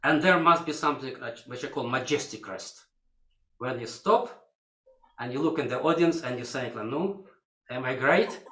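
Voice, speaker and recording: A man's voice: mid-range voice, normal speed, fairly bright tone. An older man with a coaching a violinist in a masterclass, singing phrases to demonstrate, in broken English. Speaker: violin teacher. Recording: echoey hall. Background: violin playing.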